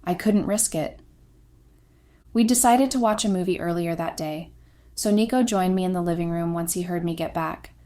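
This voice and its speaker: Woman reading a story in first person, slightly low voice, steady and even. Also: moderate pace. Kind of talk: scripted first-person narration.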